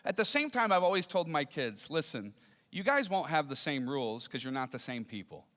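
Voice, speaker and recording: A Midwestern American pastor in his forties preaches a sermon in a high, sharp-toned voice. He tells a family story with acted-out dialogue, and the church auditorium adds the long reverb of a large hall.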